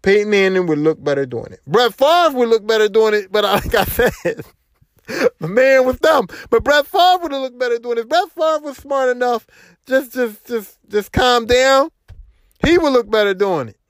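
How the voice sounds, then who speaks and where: A man hosting a podcast, giving an animated, repetitive and profane casual sports opinion monologue. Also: extremely high pitch, moderate pace, dry recording. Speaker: podcast host.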